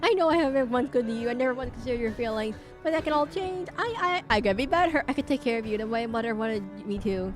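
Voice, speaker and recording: A woman's voice: rapid-fire, few pauses, music in the background, close to an everyday voice. A woman voicing a terrified middle-aged aunt who begs and stammers for mercy in a game playthrough. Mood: pleading. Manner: shrill, begging, stammering.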